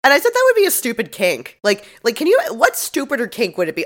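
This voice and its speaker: A woman's voice: fairly high pitch, huge pitch swings, fast talker, few pauses. A young woman co-hosting a podcast, recapping a TV episode in casual, sarcastic chat, swearing freely and laughing often. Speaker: podcast co-host.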